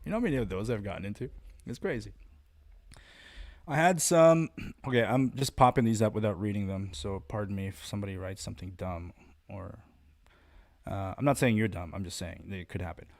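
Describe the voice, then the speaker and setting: A man's voice: on the low side, fairly quick, vocal fry, pauses often. Blunt, rambling man hosting a podcast. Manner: blunt, profane, rambling, animated. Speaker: podcast host and martial arts instructor. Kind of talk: casual unscripted podcast monologue.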